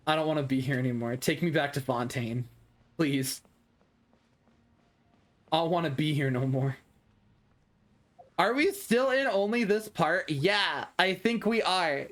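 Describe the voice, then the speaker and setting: A man's voice: fairly high pitch, a bit bright. A young man streaming a video game live, reacting with dramatic, whiny, self-mocking commentary.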